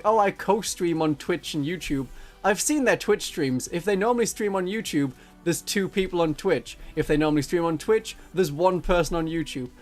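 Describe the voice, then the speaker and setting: A man chatting casually on a livestream, joking and now and then slipping into silly voices. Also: a little high. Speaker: streamer.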